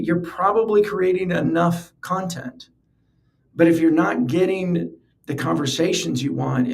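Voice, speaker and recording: A man's voice: on the high side, gravelly, darkish tone. A man hosting a podcast, talking earnestly in a casual, conversational way and often repeating words as he thinks. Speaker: podcast host. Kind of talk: casual solo podcast talk.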